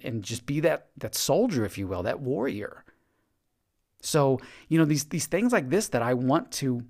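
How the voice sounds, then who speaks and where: A man's voice: medium pitch, darkish tone. A man hosting a podcast, giving an earnest, encouraging motivational monologue and often repeating his words. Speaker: podcast host.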